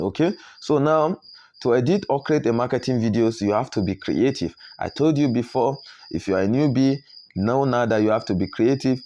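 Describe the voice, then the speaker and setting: A man with a Nigerian English accent walking learners through a software tutorial, often checking in with a rising "okay?". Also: medium pitch. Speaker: video editing tutor. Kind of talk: screen tutorial walkthrough.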